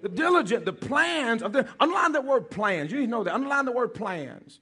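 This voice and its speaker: A man's voice: extremely high pitch, big pitch swings, fairly quick, pushed and bright, slightly rough. A man preaching a sermon as pastor, joking with his congregation, calling for responses and repeating key phrases for emphasis.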